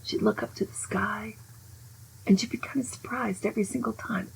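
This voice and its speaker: A woman's voice: medium pitch, big pitch swings, normal speed, gravelly, breathy edge, whispered, poor audio. An older woman hosting a talk, telling stories in a chatty way with restarts and asides. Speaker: host. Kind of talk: casual storytelling.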